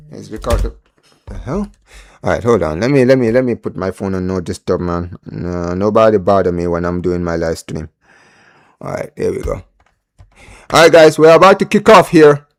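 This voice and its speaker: A man hosting a live football watchalong stream. He rants, pleads and chats to his viewers in an excitable, exasperated way. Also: on the low side. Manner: chatty, addresses viewers as guys and bro. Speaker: livestream host.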